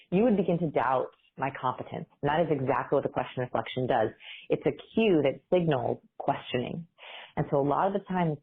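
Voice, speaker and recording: Woman, low voice, husky, upbeat explaining, tinny call line. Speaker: interview guest, behavior researcher. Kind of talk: remote interview, explanatory.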